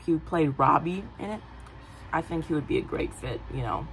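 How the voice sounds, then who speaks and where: A woman casually pitching a film idea, rambling with many fillers and giggly asides. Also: animated, normal speed, slight background noise, low-quality recording. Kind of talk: casual movie-pitch chat.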